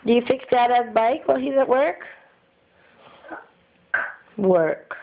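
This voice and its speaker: A woman's voice: a little high, slow, slight background noise. A woman, a parent, patiently coaxing her toddler to name things in a home video. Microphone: phone camera. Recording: dull lo-fi phone audio.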